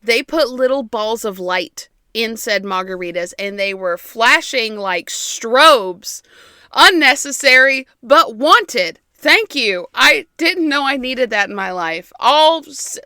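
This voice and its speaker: A woman's voice: on the high side, animated, takes it slowly, pushed and bright, dry recording, studio quality. A woman co-hosting a history podcast in casual chat, giggly and self-mocking, rambling a bit. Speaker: podcast co-host.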